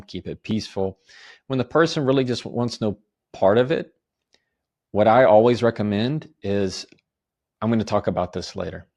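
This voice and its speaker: A man, an attorney and author, calmly explaining communication advice on a podcast in a measured, step-by-step way. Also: lowish voice, vocal fry. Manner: calm, measured, lists steps and gives example phrases.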